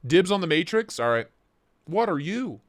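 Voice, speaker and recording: Young male host, jokey and excitable, slightly high voice, dry home-office sound. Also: moderate pace, dry recording. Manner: excitable, joking, reacts to chat. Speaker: livestream host reviewing knives. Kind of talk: casual live-stream chat.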